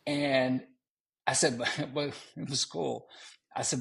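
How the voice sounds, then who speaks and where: Brief: male podcast co-host, raspy and a bit breathy, lively storyteller who laughs a lot. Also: mid-range voice, slow. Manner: animated, laughing, slips into joking voices. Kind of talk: casual storytelling chat.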